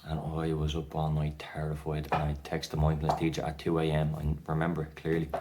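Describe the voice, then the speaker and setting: A man's voice: extremely low pitch, monotone, brisk, very noisy. An Irish man telling a personal story casually to camera, rambling with lots of fillers and restarts. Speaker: vlogger sharing his anxiety story.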